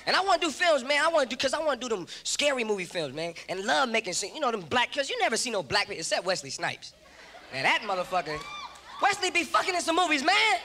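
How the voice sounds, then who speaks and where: A man from Long Beach doing a loud, profane stand-up set with animated impressions on a comedy stage. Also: extremely high pitch, quick pace. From Long Beach, California. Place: comedy stage before a live audience. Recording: live club show with a roaring crowd and noise.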